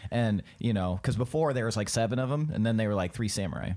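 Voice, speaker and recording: A man's voice: on the low side, lively intonation, fast talker, darkish tone, dry recording, clean studio sound. A man hosting a tabletop game podcast, talking in a loose, rambling way with many fillers and jokes. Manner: rambling, filler-heavy, joking. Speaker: host and dungeon master. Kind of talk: podcast outro and casual banter.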